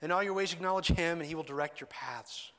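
A man's voice: on the high side, fast talker, fairly bright tone. A man preaching a sermon as pastor, earnest and conversational, often restarting his phrases. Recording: long hall reverb.

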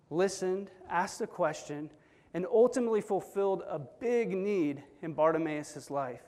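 A man delivering a sermon with an earnest, storytelling delivery. His voice sits high for a man. The sound rings with the long reverb of a hall. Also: a little mellow. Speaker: preacher.

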